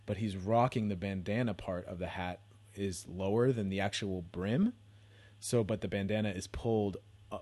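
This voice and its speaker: A man's voice: lowish voice, darkish tone. A young man hosting a solo podcast from home, rambling and swearing in a casual, self-deprecating rant. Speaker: podcast host.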